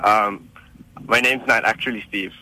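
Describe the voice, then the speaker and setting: A man from the Philippines calling in to a radio show, talking haltingly with many fillers. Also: lowish voice, fairly even intonation, sharp tone, rough recording. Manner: hesitant, searching for words. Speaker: caller. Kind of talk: casual phone-in chat.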